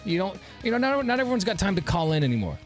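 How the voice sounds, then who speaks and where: Lively, higher-voiced male radio host. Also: very fast, soft background music. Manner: rambling, filler-heavy delivery. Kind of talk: casual radio banter.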